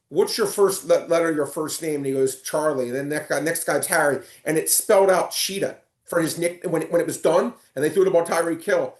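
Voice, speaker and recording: A man on a casual sports podcast, telling animated stories with lots of stumbling restarts. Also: a little high, roomy sound. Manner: animated storyteller, stumbling restarts and excited retelling. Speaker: guest.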